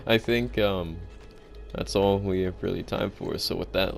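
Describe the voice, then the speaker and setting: A man's voice: sits low, fairly even intonation, unhurried, gravelly, faint music behind. A man giving casual, joking commentary while playing a video game, offhand and self-deprecating. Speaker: let's play gamer.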